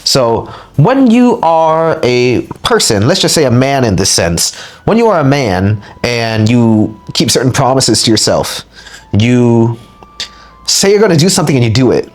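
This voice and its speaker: A man's voice: medium pitch, big pitch swings, unhurried. A man giving a motivational spiritual lecture as host, speaking emphatically and repeating words for punch. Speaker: spiritual teacher and channel host.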